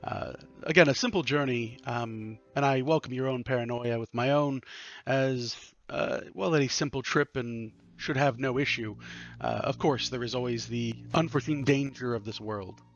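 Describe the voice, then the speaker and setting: A man's voice: medium pitch, moderate pace, highs cut off, natural voice. A man doing a fussy, stammering little merchant. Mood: fussy, polite. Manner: hesitant, stumbling, overly polite. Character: short, fussy, halting male merchant.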